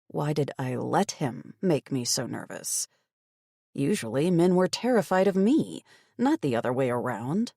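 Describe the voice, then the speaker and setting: A woman giving expressive, wry first-person audiobook narration on a close studio mic. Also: low voice, unhurried, vocal fry, breathy edge, no room sound.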